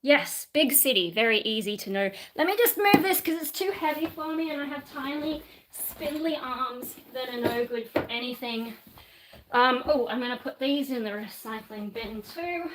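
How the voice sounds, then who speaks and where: A woman's voice: high-pitched, animated, normal speed, background noise. An Australian woman in her twenties or thirties chatting casually on a live stream at home while she cleans, rambling and poking fun at herself. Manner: rambling, self-deprecating, swears and laughs mid-sentence. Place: home room with shelves, indoors.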